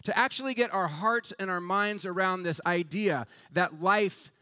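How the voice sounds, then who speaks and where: A man's voice: high voice, normal speed, bright, forceful tone. A man preaching an Easter sermon with fervent, building rhetorical emphasis. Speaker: pastor.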